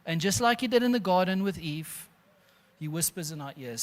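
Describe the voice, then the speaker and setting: A pastor preaching an animated sermon, calling listeners friends and laughing often. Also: male voice, high-pitched, moderate pace.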